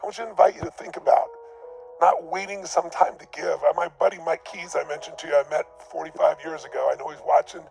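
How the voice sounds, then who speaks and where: Intense gravelly man telling a story. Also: fairly high pitch, fast, darkish tone, soft background music. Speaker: motivational speaker. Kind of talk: personal storytelling motivational talk.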